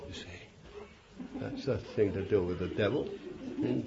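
An older man with an East London Cockney accent, preaching a sermon and telling stories, bursting into loud commands at the devil and chuckling as he goes. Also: on the low side, moderate pace. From England. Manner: animated, shouts commands at the devil, chuckles through anecdotes. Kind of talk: sermon with storytelling. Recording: dull lo-fi recording with faint hiss.

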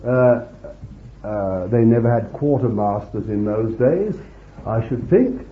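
Lively-voiced man telling a Bible story. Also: on the low side, takes it slowly, a little hiss or hum. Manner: chatty, homely storytelling with asides. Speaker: preacher. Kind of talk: informal Bible storytelling sermon. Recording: dull lo-fi recording.

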